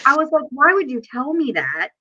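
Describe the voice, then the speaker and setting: A woman hosting a live stream, chatting casually and telling stories in a giggly, animated way over a video call. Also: high-pitched, fairly quick, muffled recording. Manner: giggly, animated storytelling with quoted asides. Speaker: host.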